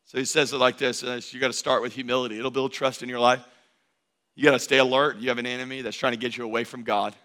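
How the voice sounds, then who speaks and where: A male pastor preaching a sermon in a rhythmic, repetitive cadence, swinging from loud emphatic declarations to hushed, intimate asides. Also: medium pitch, flat delivery, quick pace.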